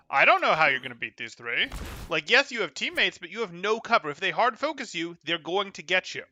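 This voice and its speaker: A man's voice: high voice, sing-song, normal speed, long pauses, sharp tone, a little hiss or hum. Exasperated young man coaching a game review. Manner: exasperated, incredulous critique. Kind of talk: coaching commentary over gameplay review.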